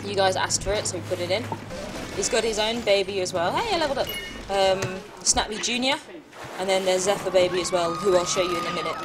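A woman commentating her own live gameplay stream, excitable and often shrieking or laughing at the game. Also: medium pitch, fast talker. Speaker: game studio presenter. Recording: music playing behind.

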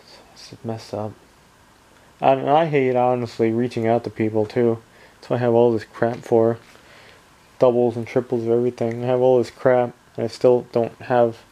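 Gravelly man rambling outdoors at night. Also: mid-range voice, level tone, moderate pace, warm tone, low-quality recording. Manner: rambling, complaining, muttering asides. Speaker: vlogger. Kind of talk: casual late-night vlog. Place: outdoors at night by a condo parking lot.

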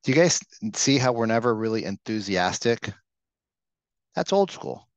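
A man's voice: mid-range voice, very animated, moderate pace, no room sound. Casual man coaching a training room. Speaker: real estate sales trainer. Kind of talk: live training session talk.

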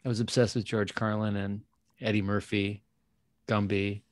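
A man's voice: lowish voice, little pitch movement, normal speed, crowd noise. A man, an actor and guest player, chatting casually after a tabletop game, rambling and thinking aloud.

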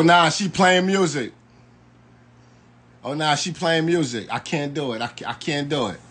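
A man's voice: mid-range voice, slight background noise. A man giving loose, slangy live-stream commentary and talking straight to his viewers. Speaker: YouTube commentator.

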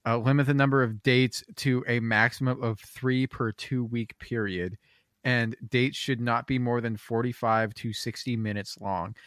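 A man with a mid-pitched voice, co-hosting a podcast. He talks in a meandering, hesitant way, reading bits aloud and reacting to them. The recording is dry and close, with no room sound. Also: steady tone, moderate pace, a bit bright, dry recording. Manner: meandering, hesitant, reads passages aloud and comments. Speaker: podcast co-host. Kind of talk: casual podcast chat.

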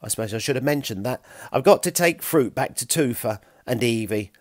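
A man's voice: mid-range voice, lively intonation, brisk, a little mellow, no room sound, studio quality, natural voice. A man voicing a clever, cheeky Stone Age boy who chatters in a self-satisfied way. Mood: chatty.

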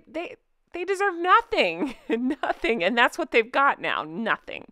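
A woman's voice: medium pitch, fairly bright tone, clean tone, no room sound, clean studio sound. A woman hosting a commentary vlog, sarcastic and scornful, laughing often. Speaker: royal commentary channel host.

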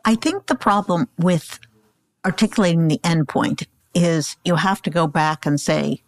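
A woman's voice: on the low side, measured pace, dry recording. A woman hosting a podcast interview, asking thoughtful questions. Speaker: podcast host.

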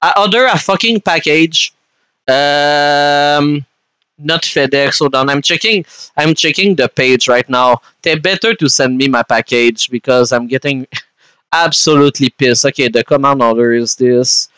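A man's voice: fairly high pitch, measured pace, sharp tone, clean tone, dry recording, low-quality recording. A young man from Canada, chatting casually and swearing freely as he streams a game and answers his chat.

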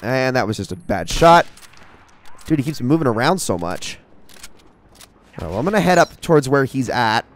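A young man giving casual, excitable commentary while playing a shooter game, talking to himself and the enemies. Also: mid-range voice, normal speed, long pauses, a little hiss or hum. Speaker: gaming channel host.

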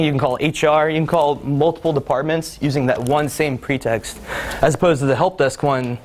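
A man's voice: on the high side, a little hiss or hum. A young man giving a casual conference talk, full of fillers and acting out both sides of phone calls. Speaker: conference speaker. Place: conference hall.

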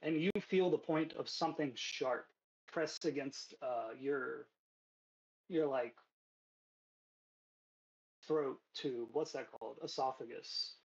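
A man's voice: medium pitch, slow, vocal fry, pauses often, muffled recording. A man running a tabletop game as game master, casual and loose with many fillers.

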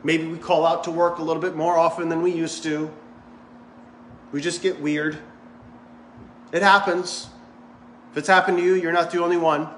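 A male pastor preaches in a loose, joking, conversational way, his voice sitting a little high for a man. The sound is roomy, echoing through a church sanctuary, with faint ambience underneath. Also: level tone, normal speed, long pauses, slight background noise. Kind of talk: sermon. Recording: echoey church hall.

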